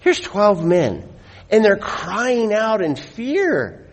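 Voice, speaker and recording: A middle-aged man preaching a sermon, telling stories with animated delivery and slowing down to stress his points. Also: high voice. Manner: animated storyteller, slows for emphasis. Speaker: pastor.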